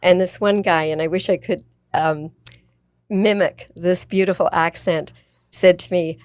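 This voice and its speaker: A woman's voice: fairly low pitch, steady tone, a little slow, a little mellow, no echo, clean studio sound. A woman in her seventies, a guest author, telling anecdotes in casual conversation and laughing often. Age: 70s. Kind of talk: casual storytelling chat.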